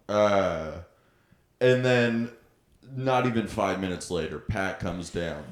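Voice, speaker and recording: A young man co-hosting a podcast animatedly tells a story in a casual chat, laughing often. His voice is on the low side and reverberant, and he speaks unhurriedly.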